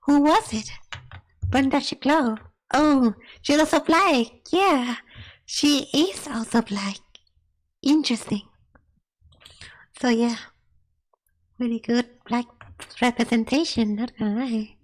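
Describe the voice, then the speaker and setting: A woman's voice: fairly high pitch, slow, pauses often, poor audio. A woman streamer chatting casually while reacting to cartoon episodes, laughing and often saying not gonna lie. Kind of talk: casual live-stream chat.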